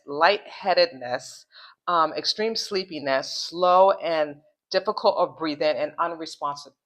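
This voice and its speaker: A woman hosting a casual commentary vlog, rambling along, repeating phrases and restarting sentences, and slowing down to spell out hard words. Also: fairly low pitch, a bit bright. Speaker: channel host.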